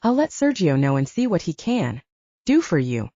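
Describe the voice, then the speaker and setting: A blunt, formal doorman, voiced by a woman narrator, clipped and polite. Mellow, low-set tone. Dry, slightly dull recording. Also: very animated, normal speed, no room sound, exaggerated voice. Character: blunt, formal male bouncer.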